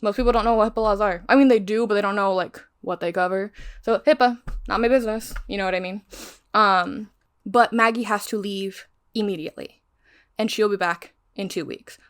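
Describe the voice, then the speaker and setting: A woman's voice: medium pitch, fairly quick, smooth. A woman giving a casual, rambling recap of a crime novel she is reading, going off on tangents and swearing freely. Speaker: book reviewer.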